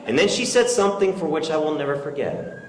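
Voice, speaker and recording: A man giving a graduation keynote, telling a story with animated swings between yelling and quiet sincerity. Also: on the high side, fast talker, slight background noise. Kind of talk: storytelling speech. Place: large hall with an audience. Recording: echoey hall with long reverb.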